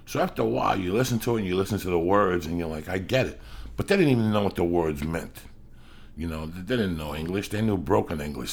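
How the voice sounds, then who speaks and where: Brief: middle-aged podcast host, low and gravelly, loose and profane. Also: male voice, slight background noise. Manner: profane, rambling, bursts into yelling when acting out quotes. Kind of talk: casual storytelling chat.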